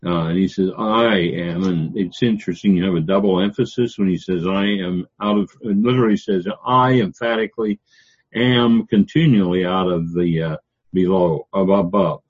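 Halting older man with a husky, low voice. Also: steady tone, a little mellow. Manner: halting, many "uh" fillers, explains word meanings. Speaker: Bible teacher. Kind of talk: classroom theology lecture. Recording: dull lo-fi lecture recording.

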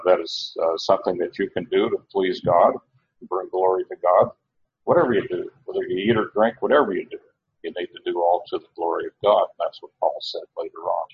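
A man giving a verse-by-verse Bible teaching, halting and restarting often, slowing down to stress key words. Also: deep voice, vocal fry, dull audio. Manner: halting, with many restarts and uhs.

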